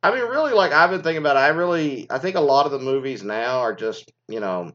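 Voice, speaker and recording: A man's voice: medium pitch, lively intonation, fast talker, a bit bright. A man hosting a casual commentary, reading news items and then ranting in a rambling, profane, exasperated way. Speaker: commentary host. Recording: dull lo-fi sound.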